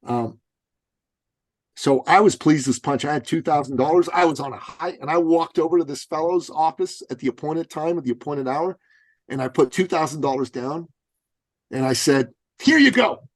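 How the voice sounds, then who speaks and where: A man's voice: fairly high pitch, moderate pace, dry recording. A man telling a story as a podcast guest, blunt and emphatic, swearing casually. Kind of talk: animated storytelling.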